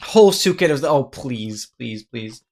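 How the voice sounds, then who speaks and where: A game streamer chatting casually during a live gameplay stream, excitable, exclaiming often and thanking viewers. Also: medium pitch, moderate pace.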